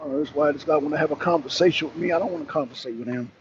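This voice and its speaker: A man's voice: a little high, racing. Chatty man streaming to his viewers. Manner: loose, chatty, talks to viewers and chat. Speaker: talk show host. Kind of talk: casual live-stream commentary. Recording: dull lo-fi stream with faint noise.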